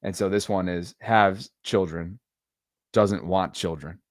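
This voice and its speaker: A middle-aged man co-hosting a podcast, chatting casually with a playful, drawn-out joking delivery. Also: sits low, no room sound, clean studio sound. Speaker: podcast co-host. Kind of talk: casual chat.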